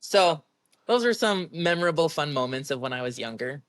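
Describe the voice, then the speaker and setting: A pro strongwoman in her young adult years giggles her way through lively competition anecdotes in a casual interview. Her low-pitched voice keeps a normal pace, captured in clean studio sound with no room noise.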